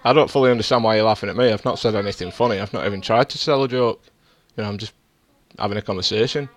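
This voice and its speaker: A man's voice: lowish voice, very fast. A man streaming a sim race, arguing defensively and lecturing rivals over voice chat. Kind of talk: heated in-game voice chat argument.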